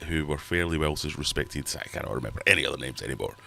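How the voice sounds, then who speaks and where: A middle-aged man with a very low voice hosts a livestream from his fish room at home. He reads out viewer comments and rambles on in a chatty, self-mocking way. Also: expressive, fast, vocal fry, pushed and bright, slight background noise. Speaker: livestream host. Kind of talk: casual livestream chat reading viewer comments.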